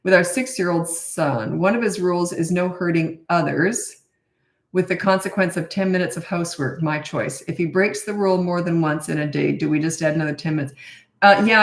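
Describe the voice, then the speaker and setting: Answering questions a little fast in a lowish voice, this middle-aged parenting coach gives casual advice bluntly and matter-of-factly. She drops in chatty asides, and the room echoes noticeably.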